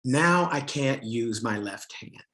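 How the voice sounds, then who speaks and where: A man's voice: mid-range voice, animated, slow, sharp tone. A middle-aged man speaking at a summit, telling a frank personal story with self-mocking humor and frequent restarts. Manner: candid storytelling, laughs at himself, many restarts and fillers.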